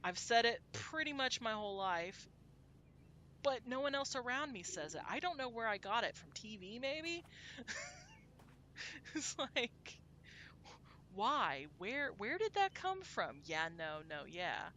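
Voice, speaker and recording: A woman's voice: a little high, sing-song, unhurried, pauses often, sharp tone, slight background noise. A woman from Texas, chatting casually to her viewers while she plays a game, rambling and laughing often. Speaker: game streamer.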